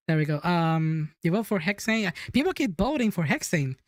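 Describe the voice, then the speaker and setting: A woman's voice: lowish voice, dry recording, studio quality. A woman hosting a podcast, chatting casually and giggly as she reacts to clips and reads the chat.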